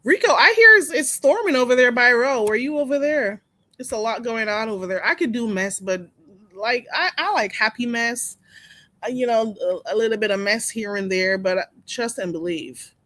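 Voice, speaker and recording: A woman's voice: on the high side, moderate pace, a bit bright, dry recording. A woman hosting a casual live stream, chatting with her viewers, gossiping and laughing often.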